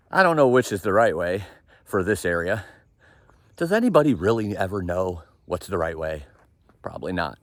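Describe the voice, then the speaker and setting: A man narrating his thru-hike on camera as he walks a forested mountain trail, rambling and laughing at himself, sometimes quieter and further from the mic. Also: on the low side, no echo. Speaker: thru-hiker vlogging the trail. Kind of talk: casual trail vlog narration.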